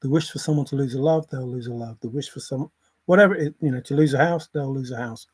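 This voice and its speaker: A man's voice: mid-range voice, fast, husky, no echo. A man hosting a casual livestream, rambling between topics, often chuckling and apologizing. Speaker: livestream host.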